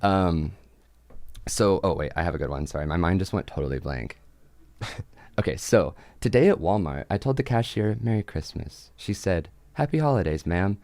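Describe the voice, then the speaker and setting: Young male host, deep voice, giggly and sarcastic, close dry studio sound. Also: lively intonation, normal speed, darkish tone, no room sound. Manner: playful, sarcastic, giggly asides. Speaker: college radio show host. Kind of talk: casual joking chat.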